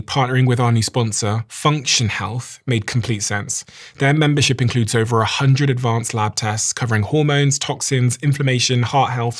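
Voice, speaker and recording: Male podcast host, mid-pitched, measured read. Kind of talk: sponsor read and interview questions.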